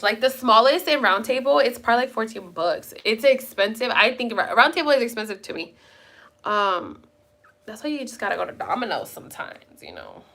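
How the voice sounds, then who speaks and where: A young woman talks casually to her live viewers from home. Her voice is bright and sits a little high. She rambles from one thought to the next and swears offhandedly. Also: gravelly. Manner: rambling, chatty, casually profane. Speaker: live streamer chatting with viewers. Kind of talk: casual chat.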